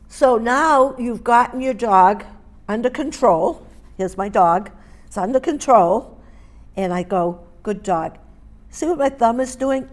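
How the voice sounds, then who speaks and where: A middle-aged woman teaching dog training, speaking emphatically, repeating key points and checking in with her listeners. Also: medium pitch. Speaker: dog grooming and training instructor. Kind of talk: hands-on teaching demonstration.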